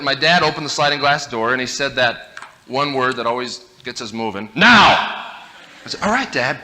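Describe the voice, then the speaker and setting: A man giving a humorous storytelling talk, animated and self-mocking. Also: mid-range voice, a little hiss or hum. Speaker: speaker.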